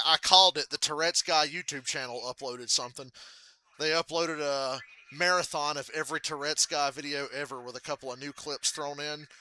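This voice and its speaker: A man reacting live to a football game, with profane, excitable outbursts. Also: a little high, no echo.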